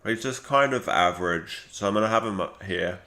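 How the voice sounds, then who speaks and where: A man's voice: lowish voice, fairly quick, pushed and bright. A man giving casual live-stream commentary, rambling with lots of fillers and restarts.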